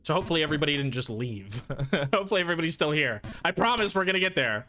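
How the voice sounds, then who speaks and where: Male streamer, bright forceful voice, somewhat high, swears a lot, ranting casual storytelling. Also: very animated, rapid-fire, slight background noise. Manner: profane, ranting, self-deprecating. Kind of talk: casual storytelling while gaming.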